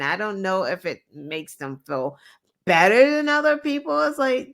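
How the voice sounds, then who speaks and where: A woman co-hosting a casual political talk show, animated and laughing between points. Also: fairly high pitch, vocal fry. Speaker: co-host.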